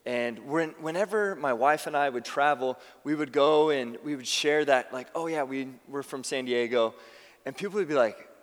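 A man preaching a sermon as pastor, talking conversationally and telling stories with quick restarts. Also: medium pitch, big-room sound. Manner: conversational, animated storytelling with restarts. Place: church sanctuary.

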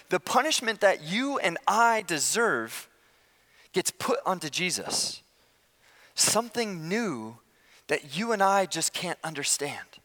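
A man preaching a sermon as pastor, impassioned, swinging from loud declarations to hushed, slow appeals. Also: high voice, sing-song, in a large hall.

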